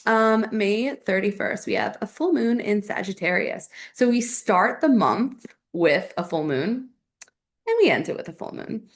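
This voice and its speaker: A woman's voice: medium pitch, expressive, measured pace. A young adult woman hosting a solo astrology podcast, chatting casually and thinking aloud with lots of fillers.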